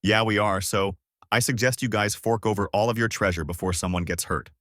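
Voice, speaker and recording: A man's voice: fairly low pitch, fairly even intonation, fairly quick, fairly bright tone, dry recording, close to an everyday voice. A man playing a sneering pirate thug in a fan-made audio story, mocking and threatening, his voice lifted above the narrator's. The recording is dry. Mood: menacing.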